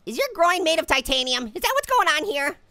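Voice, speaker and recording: A performer does an exaggerated, extremely high, sing-song voice for a cheeky, hyper male cartoon orange who comments on a comedic VR boxing playthrough. The brisk delivery is gravelly and sharp, full of gleeful taunts, giggles, wisecracks and nonstop cackling. The recording is dry.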